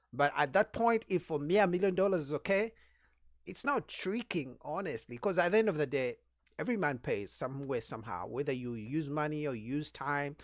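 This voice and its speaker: A man's voice: on the high side, no room sound, studio quality. A man on a debate panel giving his view in a casual way, explaining it through everyday examples. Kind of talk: heated group debate.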